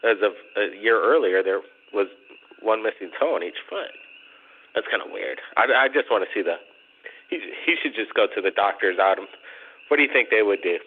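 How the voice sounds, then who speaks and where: A man's voice: fairly low pitch, lively intonation, a little fast, slightly rough. A man hosting a call-in radio show, chatting casually and rambling, repeating his questions to callers. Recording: tinny phone-like audio.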